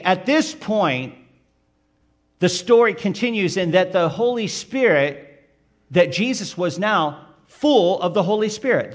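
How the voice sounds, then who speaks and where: A man preaching a sermon, addressing the listeners directly with questions and building emphasis on key points. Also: high voice. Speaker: pastor.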